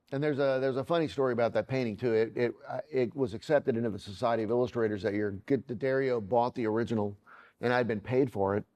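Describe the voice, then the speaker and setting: A man's voice: mid-range voice, a little mellow. A man, an illustrator, telling a rambling story and acting out the quoted dialogue in it. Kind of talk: casual anecdotal storytelling.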